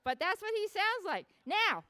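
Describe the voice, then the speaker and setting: A woman's voice: extremely high pitch, sing-song, normal speed, sharp tone. A woman animal educator leading a playful live show for children, asking the kids lots of questions as she presents animals in a public hall.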